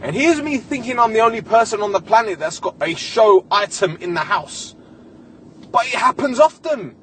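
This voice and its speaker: High-pitched, animated man ranting. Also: normal speed, slight background noise. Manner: animated storytelling, heavy swearing, exasperated. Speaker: podcast host. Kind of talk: solo comic rant.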